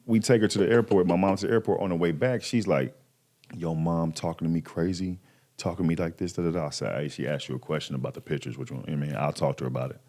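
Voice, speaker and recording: A low-pitched, fast-talking man in his thirties appears as a podcast guest. Casual and animated, he narrates a personal story loaded with slang, giving voice to the people he quotes.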